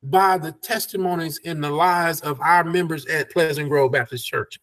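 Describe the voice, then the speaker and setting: Preacher guy, high voice, folksy bible study on a video call. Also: steady tone, moderate pace, fairly bright tone. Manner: preacherly, folksy, laughs between points. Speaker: pastor.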